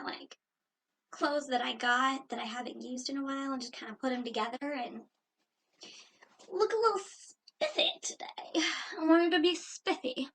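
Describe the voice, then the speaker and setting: A young woman talks to her camera at home in a casual reaction vlog. Her voice sits high and bright, and her tone turns animated and exasperated as she tells her story. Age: young adult. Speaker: vlogger. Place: indoors at home.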